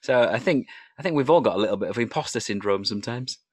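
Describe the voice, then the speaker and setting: A man's voice: medium pitch, animated, fast, no room sound. A man hosting a casual interview, telling stories and acting out the lines people said to him. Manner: tells anecdotes, acting out quoted dialogue. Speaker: podcast host interviewing an improviser.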